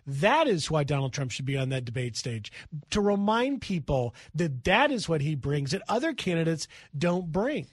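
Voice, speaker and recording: High-voiced man telling a lively story. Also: no room sound, studio quality. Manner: lively anecdote-telling, brisk, acts out quoted voices. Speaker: news correspondent, guest. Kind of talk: animated radio storytelling. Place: radio studio.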